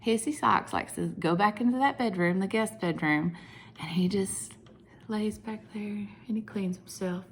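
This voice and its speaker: A woman teaching a video lesson for young children at home, animated and sing-song, with whispered asides. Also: medium pitch, normal speed, hardly any pauses, slight background noise. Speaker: preschool teacher.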